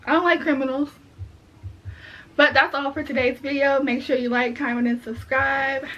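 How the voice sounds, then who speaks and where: A young woman telling a story in a casual vlog, animated and indignant. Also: high-pitched, moderate pace. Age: young adult. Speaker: vlogger. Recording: dull lo-fi audio.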